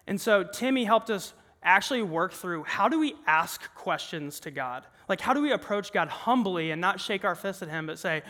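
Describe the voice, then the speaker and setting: A young man preaches in a high, bright voice, talking to the room in an earnest, conversational way. His voice rings out with a long reverb from the large hall around him. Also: animated, normal speed, few pauses. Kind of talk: sermon. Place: large worship room with an audience.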